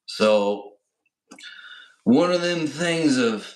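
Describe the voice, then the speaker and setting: A man's voice: medium pitch, lively intonation, drawn-out words. A middle-aged man co-hosting a podcast, telling a casual story and often checking in with "right?" and "you know". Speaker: podcast co-host. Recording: roomy echo.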